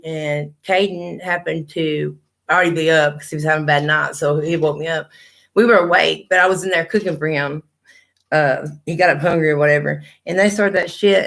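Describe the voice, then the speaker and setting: A woman's voice: low voice, gravelly, a bit bright. A middle-aged woman, chatting on a livestream and telling blunt, profane stories. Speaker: livestream host. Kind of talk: casual chat.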